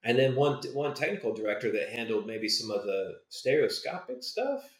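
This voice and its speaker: A man's voice: medium pitch, sing-song, moderate pace. A man talking as a podcast guest, telling stories with enthusiasm and lots of restarts. His mid-range voice sits in a roomy, echoey space. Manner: enthusiastic storyteller, trailing restarts. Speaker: guest, motion designer. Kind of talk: casual podcast interview. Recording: roomy echo.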